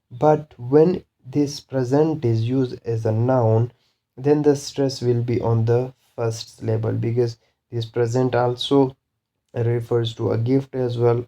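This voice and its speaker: Slow, very mellow-voiced man teaching pronunciation; deliberate, repeats examples, coughs at times. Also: mid-range voice, vocal fry. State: coughing now and then. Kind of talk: recorded lesson.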